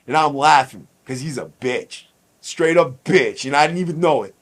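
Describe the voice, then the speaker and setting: A podcast host telling a personal story in casual, blunt, profane street talk. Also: male voice, a little high, animated, normal speed.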